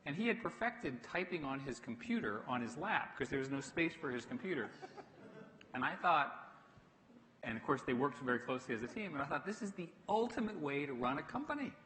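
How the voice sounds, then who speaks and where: Man with a dry teasing wit, bright voice, long echo of a hall behind him. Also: mid-range voice, animated, a little fast. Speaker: panel guest. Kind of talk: onstage conversation. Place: stage in a hall. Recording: reverberant hall.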